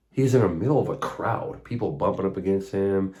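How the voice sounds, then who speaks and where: A man with a deep, low voice speaks about faith directly to the listener. He is earnest and conversational, and he slips into casual asides as he retells old stories. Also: a little fast, hardly any pauses, warm tone. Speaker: faith talk host. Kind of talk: spoken faith monologue.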